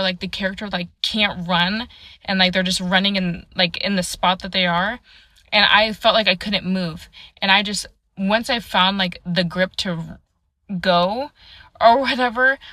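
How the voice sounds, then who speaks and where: A woman's voice: medium pitch, pushed and bright, dry recording. A young woman telling a personal ghost story casually, rambling with many fillers into a close phone mic. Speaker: storyteller in a clip.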